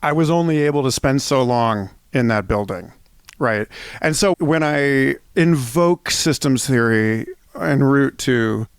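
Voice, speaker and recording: A man's voice: mid-range voice, expressive, measured pace, smooth, no echo, clean studio sound. A man hosting a podcast, asking searching questions and reading passages aloud. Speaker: podcast host. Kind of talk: casual podcast interview.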